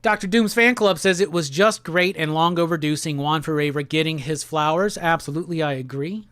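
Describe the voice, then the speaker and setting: A man hosting a casual live stream. He talks in a laid-back, slangy way and reads viewer comments aloud in quick bursts. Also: on the high side, a bit bright, dry recording. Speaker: livestream host. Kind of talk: casual livestream chat, reading viewer comments.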